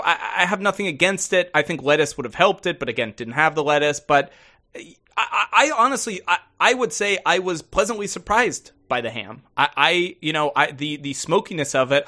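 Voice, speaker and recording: Bright, rambling male podcast co-host. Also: fairly high pitch. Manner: rambling, halting restarts. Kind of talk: casual chat.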